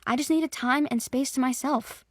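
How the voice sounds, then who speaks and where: A woman's voice: sits high, steady tone, normal speed, no room sound, clean studio sound, pitched above the performer's own voice. A woman voicing a defiant young shifter heroine. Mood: flustered.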